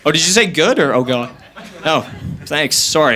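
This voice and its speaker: Animated young male stand-up comic. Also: a little high, normal speed. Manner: energetic and self-mocking, jumping into voices. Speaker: stand-up comedian. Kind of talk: stand-up comedy. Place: stage of a comedy venue. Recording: live comedy club with audience noise.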